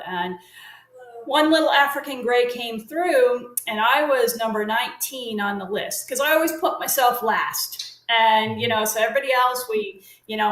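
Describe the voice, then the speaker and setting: In this casual chat, a parrot consultant in her middle years rambles through long stories as a guest, with plenty of fillers and restarts. Her voice sits a little high with a bit of brightness. The room is echoey and the audio quality poor.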